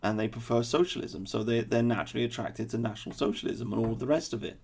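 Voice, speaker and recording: A man's voice: medium pitch, fast, gravelly, a little mellow, breathy edge. A man delivering a blunt, opinionated political commentary monologue with sarcastic asides. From England.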